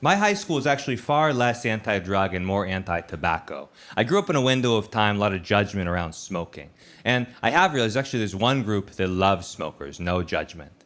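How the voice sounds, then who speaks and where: Low-voiced man telling stand-up stories. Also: fairly quick, few pauses. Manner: deadpan, conversational storytelling. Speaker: stand-up comedian. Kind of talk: stand-up storytelling. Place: comedy stage. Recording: loud background noise.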